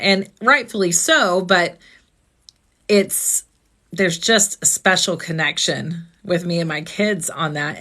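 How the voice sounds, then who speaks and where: A woman's voice: low voice, fairly bright tone. A woman host on a live stream, talking earnestly and asking reflective questions about grief.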